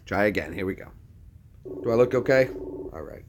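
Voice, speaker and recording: A man's voice: on the low side, animated, fairly quick, background noise. A man hosting a casual livestream, chatty and upbeat, talking straight to his viewers. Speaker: livestream host.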